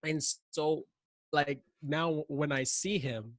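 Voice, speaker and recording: A man, a podcast guest, telling casual anecdotes in an animated way, acting out his own raised voice. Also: fairly high pitch, slow pace, dry recording, studio quality. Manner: animated, acts out yelling in anecdotes. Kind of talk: casual interview storytelling.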